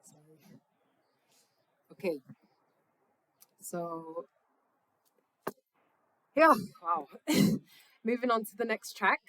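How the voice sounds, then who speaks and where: A young singer-songwriter talks between songs at a live session outdoors in her parents' backyard, her mid-range voice animated and a bit bright, with drawn-out words and frequent pauses. Her chat is laid-back, affectionate and slangy, and she swears freely. There's no echo, but the recording is rough.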